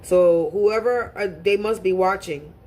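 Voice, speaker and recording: A woman's voice: medium pitch, measured pace, darkish tone. A woman speaking to camera in a casual monologue as a spiritual reader, talking bluntly and profanely and often repeating words as she restarts.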